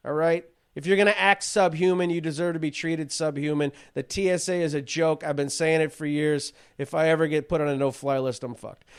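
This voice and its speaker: A man's voice: a little high, clear, resonant tone. A man hosting a podcast, telling a rambling, profane comedic rant full of swearing and restarts. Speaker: podcast host.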